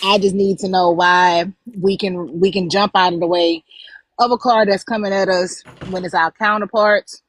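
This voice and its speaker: A woman's voice: fairly low pitch, steady tone, normal speed, poor audio. An older woman co-hosting a live online talk show, speaking bluntly with sarcastic indignation. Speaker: co-host. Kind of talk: casual live-stream commentary.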